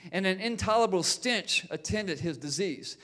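Man, high voice, preaching a sermon, fervent build-ups, repeats words, calls of amen. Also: lively intonation, moderate pace, fairly bright tone. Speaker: pastor.

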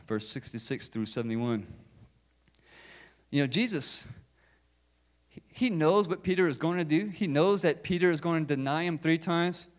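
A male pastor preaching a sermon, emphatic, with repeated rhetorical questions to the congregation. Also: fairly high pitch.

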